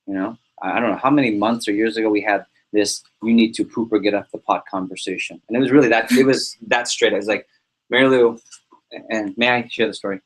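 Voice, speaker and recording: A man leading a sales team meeting, giving an energetic motivational talk full of anecdotes and repetition. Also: fairly low pitch, fairly quick. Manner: energetic, repeats himself, tells anecdotes. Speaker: team leader running a sales prep meeting.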